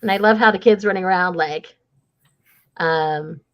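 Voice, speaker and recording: Woman host, lower voice, eager fan chat with quick character impressions, muffled lo-fi sound. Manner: gushing, acts out characters' lines. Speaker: book club host. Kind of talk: casual chat. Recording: muffled lo-fi audio.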